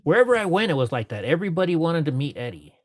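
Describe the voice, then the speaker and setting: A man's voice: fairly high pitch, big pitch swings, rapid-fire, no room sound, studio quality. A man as an interview guest, telling stories from his life in a rambling, casual way, filling his talk with "you know".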